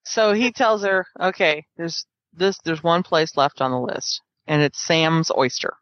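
A woman's voice: sits low, expressive, measured pace, dry recording, dull audio. Woman casually retelling a story. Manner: retells the story with quoted lines, laughs often. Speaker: podcast co-host. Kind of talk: casual book discussion.

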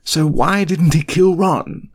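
A man's voice: on the high side, steady tone, slow pace, voice pushed up. A man voicing an earnest, desperate grown wizard in an audiobook reading, speaking with urgent, pleading questions. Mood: anguished.

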